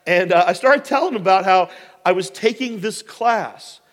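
A man preaching, telling a personal story in a rambling, animated way with many fillers. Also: high-pitched, moderate pace, long reverb tail. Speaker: pastor. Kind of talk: storytelling sermon.

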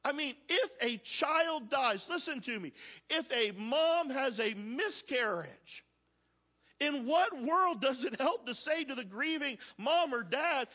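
A pastor preaching a conversational sermon, reading scripture aloud and asking the congregation questions. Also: male voice, very high voice, lively intonation, slow, bright, forceful tone.

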